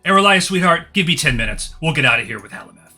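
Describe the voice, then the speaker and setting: Blustering fantasy lawyer, loud and high-pitched, pushy and theatrical, voiced by a man. Bright, sharp tone. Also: animated, fast, slightly rough, soft background music, full character voice. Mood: confident. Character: brash pushy male lawyer, bombastic.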